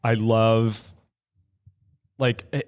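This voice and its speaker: A man telling a personal story as guest co-host on a casual podcast, animated, laughing often and swearing. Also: on the low side, very slow. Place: recovery club room in San Francisco.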